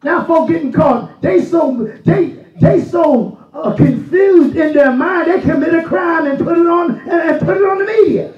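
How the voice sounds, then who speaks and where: A male pastor delivering a folksy sermon that swells into shouted emphasis in a church sanctuary. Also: very high voice, a little slow, hardly any pauses. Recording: echoey, distant, dull church recording.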